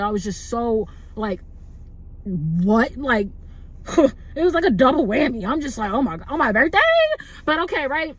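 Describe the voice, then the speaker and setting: High-voiced woman rambling through a story. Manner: rambling, animated, lots of "like" and "bro". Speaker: vlogger. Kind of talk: casual storytime.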